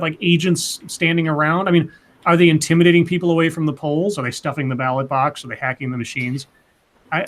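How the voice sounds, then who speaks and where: A man co-hosting a casual livestream chat, reading out viewer comments, blunt and swearing freely, often trailing off and restarting sentences. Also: a little high.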